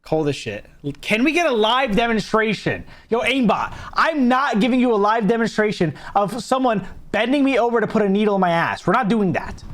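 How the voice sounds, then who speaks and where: Young male storyteller, high, very lively voice, profane and animated. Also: brisk, few pauses. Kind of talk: casual storytelling vlog.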